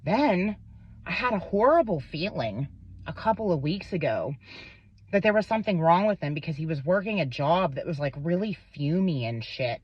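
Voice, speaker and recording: A woman's voice: fairly low pitch, expressive, normal speed, breathy edge, no echo. A young woman vlogger telling a personal story, rambling, swearing often and stumbling over her words. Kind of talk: emotional storytelling to camera. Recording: dull lo-fi sound.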